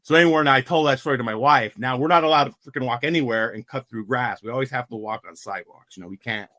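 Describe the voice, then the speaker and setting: A man's voice: medium pitch, fast talker, bright, forceful tone, no echo, studio quality. A middle-aged man from Pennsylvania, a former player and guest, telling stories casually with many fillers and restarts. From Pennsylvania coal region. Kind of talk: casual storytelling.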